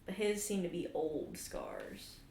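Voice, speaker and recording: A woman running a tabletop game as game master, narrating in a relaxed, easygoing way. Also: fairly low pitch, slow pace, creaky. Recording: echoey room, faint noise.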